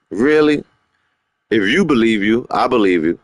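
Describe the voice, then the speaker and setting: A middle-aged man hosting a gaming livestream in casual street slang. He rambles and repeats himself for emphasis, jumping into high-pitched voices when he quotes people. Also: normal speed, dry recording. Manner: rambling and opinionated, slips into animated high-pitched quoting of others.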